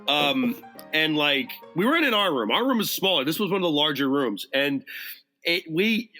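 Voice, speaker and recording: A man, a podcast guest, telling a rowdy story in casual chat, animated and profane, acting out the quotes. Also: fairly high pitch, moderate pace, soft background music.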